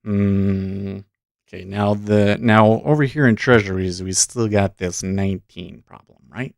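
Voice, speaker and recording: A man hosting a day trading livestream, thinking aloud in halting, self-interrupting remarks as he watches the market. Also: on the low side, steady tone, vocal fry, a little mellow, no room sound, clean studio sound.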